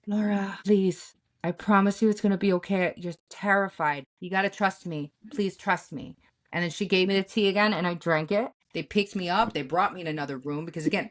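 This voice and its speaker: Podcast co-host, woman, lowish voice, profane and animated storyteller. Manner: blunt, profane, animated retelling. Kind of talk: candid storytelling chat.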